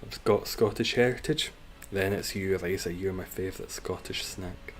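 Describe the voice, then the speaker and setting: A man's voice: low voice, moderate pace, a little hiss or hum. A man streaming a game live, chatting casually with viewers, reacting and swearing freely.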